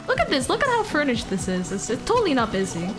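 A high-pitched woman chats her way through a live game stream, giggly and playful, often breaking into excited yelps. Upbeat game music plays clearly underneath her voice. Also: fast.

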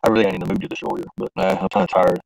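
The deep-voiced streamer races along with little pitch movement, vocal fry and a slightly mellow tone. He rambles informally, using slang and talking to himself while handling the stream. The recording is low quality, with no room sound.

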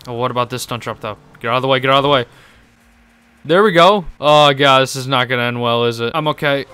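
A young man giving excitable gaming commentary, swearing, laughing and making sarcastic remarks as he plays. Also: medium pitch, fast talker, clear, resonant tone, no echo. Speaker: gaming YouTuber.

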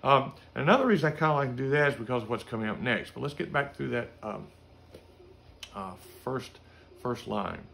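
Gravelly man teaching trombone phrasing. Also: medium pitch, lively intonation, normal speed, fairly bright tone. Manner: casual, sings note syllables to demonstrate. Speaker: music teacher. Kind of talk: instrument lesson.

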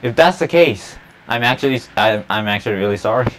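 A man giving casual let's play commentary on a park-building game, chatty and excitable, talking to the dinosaurs and laughing often. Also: medium pitch, quick pace, a little hiss or hum. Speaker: gameplay YouTuber.

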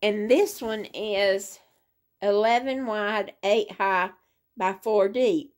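A woman's voice: medium pitch, fairly even intonation, slow. An older woman, chatting casually to her viewers from her living room in a rambling, sleepy way. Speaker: crochet vlogger. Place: living room, in a hospital bed.

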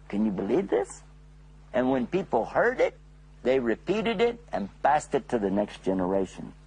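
A man narrating a religious story for children, often turning to his listeners with questions. His voice is gravelly and raspy, a bit high for a man, and it rises and falls with lots of life. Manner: animated, asks the listeners questions.

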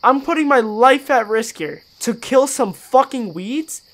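Lively-pitched profane gaming guy. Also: measured pace. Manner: profane and sarcastic, swinging from mutters to panicked yelling. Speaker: gaming YouTuber. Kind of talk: horror game let's-play commentary.

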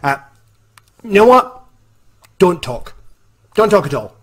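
A Scottish man voicing his blunt, matter-of-fact boss, close to his own husky voice. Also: medium pitch, lively intonation, moderate pace.

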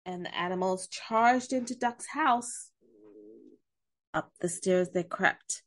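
A woman reading a picture book aloud to children, gentle and expressive. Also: mid-range voice, slow pace. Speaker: storyteller.

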